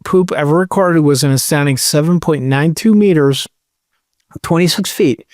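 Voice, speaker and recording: A young man co-hosting a podcast, reading out odd facts and adding deadpan jokes. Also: fairly high pitch, normal speed, dry recording, clean studio sound. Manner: reads facts aloud, deadpan asides. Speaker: podcast co-host. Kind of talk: casual comedic chat.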